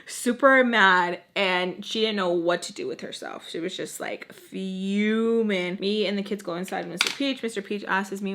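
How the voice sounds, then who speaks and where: A woman's voice: mid-range voice, steady tone, moderate pace, bright, forceful tone. A young woman telling a personal story in a casual, sassy way, talking straight to her viewers.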